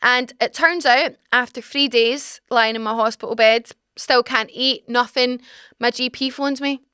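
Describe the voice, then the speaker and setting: A young Scottish woman in her twenties, hosting a podcast and telling a personal story with animated, dramatic asides. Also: fairly high pitch, measured pace, smooth, no room sound, clean studio sound. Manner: animated, dramatic retelling with acted-out exclamations. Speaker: podcast host. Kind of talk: casual storytelling chat. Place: small home podcast studio.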